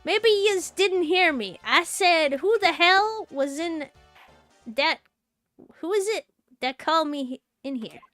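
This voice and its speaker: A woman doing a gruff loan-shark thug. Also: very high-pitched, lively intonation, slow pace, a bit bright, no echo, faint music behind, exaggerated voice. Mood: threatening. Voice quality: gruff tough-guy street talk.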